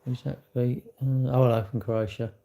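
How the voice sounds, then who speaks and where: A man's voice: mid-range voice, fairly even intonation, moderate pace, gravelly, dark tone. Rambling, blunt man chatting live. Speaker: live-stream host. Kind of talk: casual live-stream chat, reading viewer comments.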